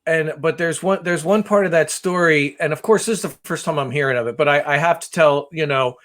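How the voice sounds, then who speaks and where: A man's voice: on the high side, fairly quick, fairly bright tone. A man co-hosting a podcast, casually summing up his partner's story and teasing him. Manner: wry, teasing, sums up the other's story. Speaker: podcast co-host. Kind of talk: casual chat.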